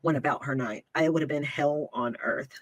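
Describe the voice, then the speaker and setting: Guy in a chat, kinda high voice, dry close sound, earnest. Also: fairly even intonation, brisk, a bit bright, no room sound, rough recording. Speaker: guest in a conversation. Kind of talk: casual conversation.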